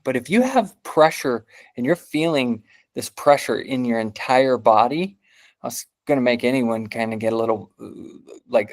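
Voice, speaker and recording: A man who is a parent teaches about body sensations, telling a story in a loose, casual way with many fillers. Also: mid-range voice. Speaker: trauma healing teacher.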